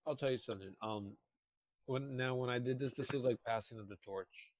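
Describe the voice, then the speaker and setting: A young man co-hosting a podcast eats while telling a long story in casual chat, rambling with plenty of fillers and restarts. His medium-pitched voice moves fairly quickly, and the lo-fi sound carries a little hiss or hum.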